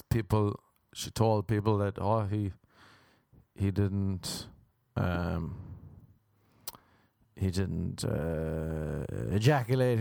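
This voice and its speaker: A man telling a crude comic story as a podcast host, rambling and breaking into high shrieks. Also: gravelly, a little mellow, dry recording, clean studio sound.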